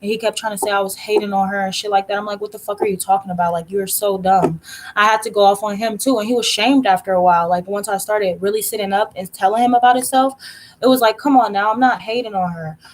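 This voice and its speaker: A woman's voice: mid-range voice, fairly even intonation, fast talker, slight background noise. Blunt, cussing woman ranting casually. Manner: blunt, profane, ranting storyteller. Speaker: tarot reader. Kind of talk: casual livestream chat.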